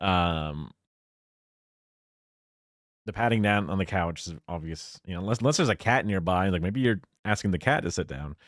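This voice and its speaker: A man's voice: low voice, moderate pace, pauses often, no echo, clean studio sound. A man streaming, reacting to a clip with casual, opinionated commentary and lots of fillers. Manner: musing, opinionated, many fillers.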